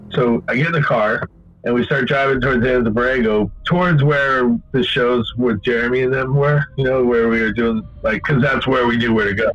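A man telling a long story in casual chat, rambling and swearing a lot, getting animated when he quotes people. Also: medium pitch, a little fast, highs cut off.

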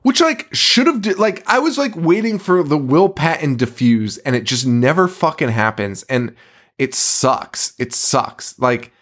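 A man co-hosting a casual movie-recap podcast, animated, laughing often, swearing freely and acting out scenes in quick put-on voices. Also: on the high side. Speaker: podcast co-host.

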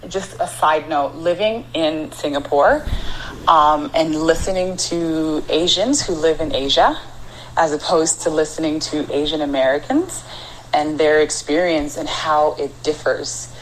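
A woman's voice: deep voice, a little slow, slight background noise, low-quality recording. A woman speaking on a live audio panel, eager and chatty as she adds to the conversation. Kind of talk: casual live audio-room talk.

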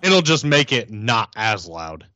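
A man playing a tabletop game, relaxed and chuckling. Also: on the low side, unhurried, dry recording, highs cut off. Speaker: player. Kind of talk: casual tabletop play.

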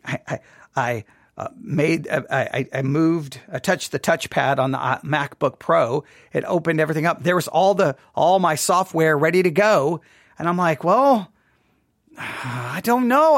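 A man with a fairly high voice tells a rambling, self-deprecating story in casual devotional podcast talk. He sounds chatty and open with his listeners. The studio microphone gives a dry, close sound with no room echo. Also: a bit bright. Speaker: podcast host. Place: home studio.

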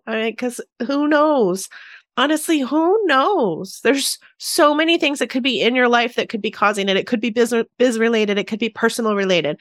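A woman hosts her own podcast in a loose, chatty way, laughing often and letting her pitch swoop up and down. Her voice sits a little high, and the sound is dry and close to the mic. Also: moderate pace, a bit bright, no echo. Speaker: podcast host. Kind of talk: casual solo podcast.

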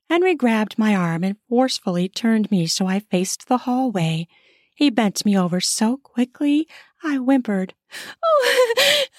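A woman's voice: mid-range voice, a little mellow, no echo, clean studio sound. A woman reading her own erotic short story aloud in an intimate first-person style. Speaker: narrator and author.

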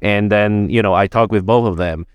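A man's voice: lowish voice, moderate pace, smooth, dry recording. A man hosting a podcast in a conversational interview, chatty, with lots of likes and run-on asides. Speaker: podcast host.

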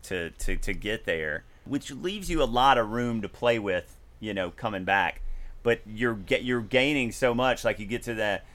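Guy with a low voice that swings all over, rambling about his cover, talks from his garage. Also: moderate pace. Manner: animated, rambling with restarts, sings snippets. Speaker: podcast co-host and musician. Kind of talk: casual chat. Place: home garage.

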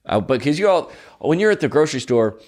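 A man's voice: on the high side, very animated, fast, darkish tone. A young man hosting a podcast, telling rambling stories in casual chat with lots of fillers and mock voices. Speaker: podcast host.

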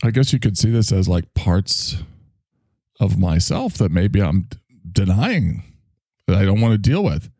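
A man's voice: low-pitched, sing-song, measured pace, dark tone, husky, no room sound, clean studio sound. A man hosting a solo comedic monologue, rambling in a wry, self-mocking way. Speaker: host.

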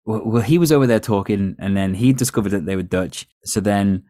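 A man hosting a podcast, telling stories in a relaxed, chatty way with a North West English accent. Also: lowish voice, brisk, no room sound, clean studio sound. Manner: storytelling, chatty with laughs. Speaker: podcast host. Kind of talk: casual chat.

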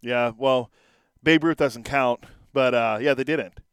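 A man co-hosting a sports talk show in a quick, chatty, agreeable way. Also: mid-range voice, fairly bright tone, clean tone, dry recording, clean studio sound.

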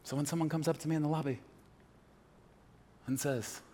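A man preaching a sermon as a pastor, swinging from loud shouts to quiet, close talk. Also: on the high side, fairly even intonation, brisk, slight background noise. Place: church sanctuary.

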